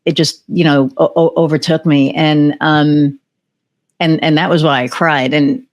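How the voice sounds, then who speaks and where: Speaking a little slowly in a low voice over lo-fi sound, this woman is a podcast guest recounting something from her own life. She brings it to life by performing the dialogue she remembers, stumbling through plenty of fillers and restarts in a relaxed interview setting.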